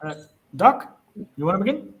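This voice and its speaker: A man with a slightly high voice hosts a video call, handing out turns to the group. He is brisk, with frequent "uh"s. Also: sing-song. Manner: organizing, brisk, with fillers. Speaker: host.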